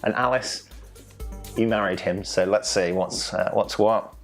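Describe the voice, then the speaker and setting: A man's voice: lowish voice, unhurried, faint music behind. A young man hosting an online quiz from home, playful and jokey, stumbling over foreign names. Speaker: quiz host.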